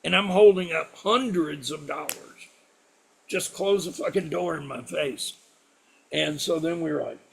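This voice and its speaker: A man's voice: on the high side, a little slow, creaky, a little hiss or hum. A middle-aged man, a former sailor, telling salty, profane stories in a casual interview. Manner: salty, profane yarn-spinner. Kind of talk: casual storytelling.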